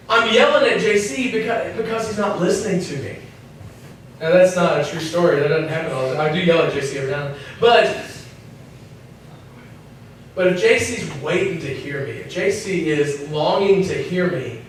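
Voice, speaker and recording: A man's voice: sits high, a little fast. A man giving a casual, joking sermon to young people, acting out little voices as he talks. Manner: chatty, acts out voices, jokes. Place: church hall. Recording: echoey room, mic at a distance, faint noise.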